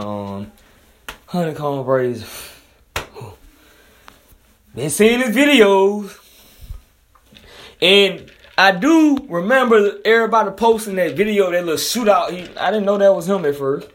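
Southern man, young adult, freestyle vlog rant: profane, rambling, repeats lines, flips from loud outbursts to low mutters; voice sits a bit high. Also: animated, a little slow, pauses often, slight background noise. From Alabama, US. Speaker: vlogger commenting on news. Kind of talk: casual freestyle commentary.

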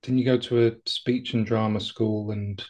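A man's voice: fairly low pitch, flat delivery, moderate pace, darkish tone. A man hosting a podcast, asking curious, well-prepared questions of his guest. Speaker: podcast host. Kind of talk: interviewing.

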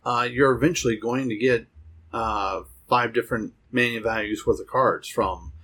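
A man's voice: mid-range voice, fairly even intonation, moderate pace, fairly bright tone, slightly rough. A man co-hosting a podcast, talking casually and rambling with plenty of fillers and restarts. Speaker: podcast co-host. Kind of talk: casual chat about card games.

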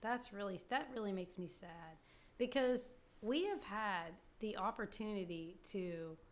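A woman takes part in an easygoing political conversation. She agrees readily and adds her own commentary in a plain, mid-pitched voice. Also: unhurried. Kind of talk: casual political chat.

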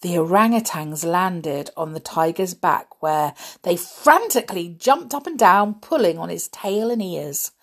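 A middle-aged woman reads a children's storybook aloud, gentle and chatty. Her voice is low and breathy, and she takes the story very slowly. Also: expressive. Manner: gentle, chatty, with soft laughs.

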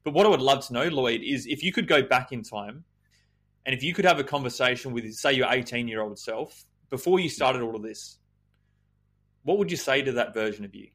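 A man hosts a podcast with a bright, forward voice of middling pitch. He listens attentively and encourages his guest. His questions come across as warm and supportive. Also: expressive, a little fast. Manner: attentive, encouraging, fills in with murmurs. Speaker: podcast host. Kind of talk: podcast interview.

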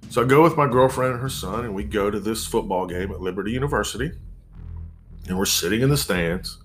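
A man in his forties telling a personal story in a measured, reflective way, pausing and restarting as he goes. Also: on the low side, faint music behind.

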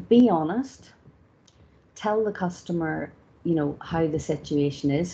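Low, gravelly-voiced woman trainer. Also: dark tone. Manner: informal, many fillers like "you know" and "sort of". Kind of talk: customer service training session. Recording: slightly dull lo-fi recording with faint background noise.

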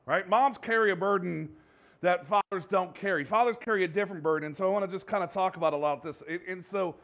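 A pastor giving a sermon in a conversational, rambling way, with many fillers and restarts and a joking, self-deprecating manner. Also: male voice, high voice, fast talker, a bit bright, highs cut off. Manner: self-deprecating, jokes with the congregation.

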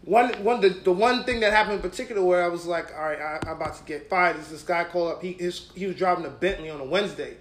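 A man's voice: sits high, fast, hardly any pauses, a bit bright. A comedian from Brooklyn, a man, casually telling stories in a joking, laid-back way. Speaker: comedian guest. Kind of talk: casual storytelling chat. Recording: echoey room, faint noise.

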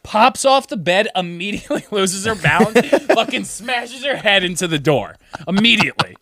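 On a podcast, a man casually tells a rowdy story at normal speed, swearing freely and acting out his friends' lines in high voices. He's the show's co-host, and a loud crowd can be heard.

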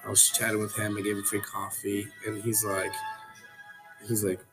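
A man with a low, gravelly voice tells his story as a guest in a coffee shop, loose and rambling, with lots of likes and restarts. Music plays clearly behind him. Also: completely flat delivery, moderate pace. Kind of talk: casual storytelling.

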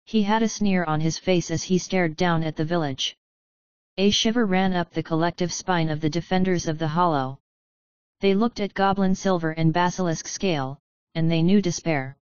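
A woman narrating a fantasy audiobook in a measured, steady reading. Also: fairly low pitch, clear, resonant tone, no room sound, dull audio.

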